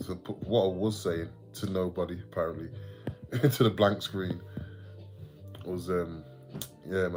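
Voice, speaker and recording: A man from the English Midlands hosts a late-night livestream in a deep, low voice. He rambles casually, swears a lot and answers chat comments as they come in. Faint music plays underneath. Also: darkish tone. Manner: chatty and rambling, sweary, laughs often, reads out viewer comments. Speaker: livestream host.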